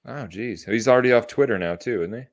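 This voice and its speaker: A man's voice: mid-range voice, quick pace. Joking young man on a podcast. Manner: joking, says "dude" and "bro" a lot. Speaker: podcast co-host. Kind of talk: casual chat.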